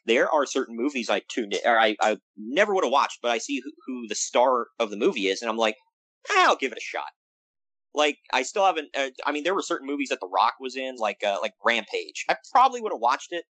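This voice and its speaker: The audio is poor in quality and has no room echo. On it, a man co-hosts a laid-back podcast, joking through a wrestling recap and making big, animated pitch swings to stress points.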